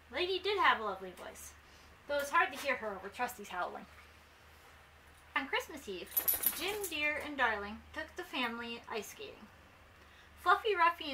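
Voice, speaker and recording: A young woman hosting her channel, reading a storybook aloud in a gentle, friendly way. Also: fairly high pitch, far from the mic, slight background noise, rough recording. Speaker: channel host, story reader.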